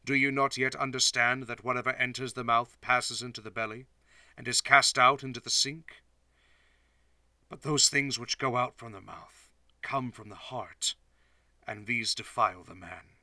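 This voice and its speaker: A man voicing a solemn male teacher who speaks in a quiet, low, measured way. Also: no room sound. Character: calm, solemn male teacher rebuking critics.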